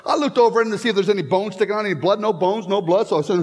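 Pastor in his fifties, very high voice, joking storyteller, church hall with long reverb. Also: lively intonation, racing, few pauses. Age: 50s. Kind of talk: sermon. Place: church sanctuary.

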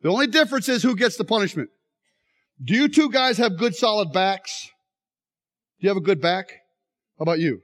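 Preacher, middle-aged man, lively swooping delivery, acts out voices in his stories. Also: high voice, brisk, pauses often. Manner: animated storytelling, acts out voices. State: injured leg, straining. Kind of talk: sermon with live demonstration.

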